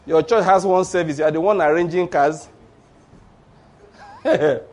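A man's voice: a little high, a little slow, a little mellow. A man preaching a sermon, exhorting his congregation emphatically and mixing in playful story asides. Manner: emphatic, exhorting with tag words like "oh".

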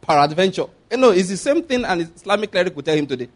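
A man's voice: sits high, lively intonation, fast. A man preaching a sermon, emphatic, repeating his points and checking that listeners follow.

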